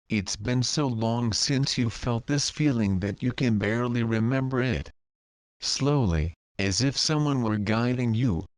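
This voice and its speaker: A man narrating a spiritual story in the second person, calm and measured. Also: medium pitch, dry recording, clean studio sound. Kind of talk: slow guided narration.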